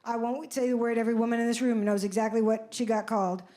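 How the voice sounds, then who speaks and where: A woman's voice: on the high side, level tone, quick pace, warm tone. A woman in her seventies doing live stand-up comedy, telling stories in a brash, self-mocking way with big exclamations. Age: 70s. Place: comedy club stage. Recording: club stage mic with audience noise. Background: audience laughter.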